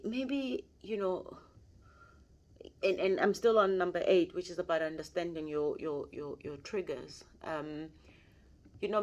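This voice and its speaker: A woman mentor giving a motivational mentorship talk, earnest and repeating her key points for emphasis. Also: low-pitched. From South Africa. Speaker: mentor and life coach.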